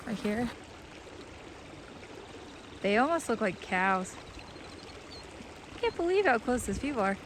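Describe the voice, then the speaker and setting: A woman's voice: fairly high pitch, sing-song, measured pace, pauses often, noisy background. A woman filming a casual travel vlog outdoors in a national park, joking and chatting as she walks. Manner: playful, laughs often, joking. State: out of breath at times. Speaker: travel vlogger. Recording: loud music over the voice.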